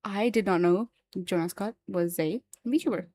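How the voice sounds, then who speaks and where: A woman streamer and voice actor chatting live on stream, excitable and repetitive, swearing freely. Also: mid-range voice, moderate pace, no room sound. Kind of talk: casual livestream chat.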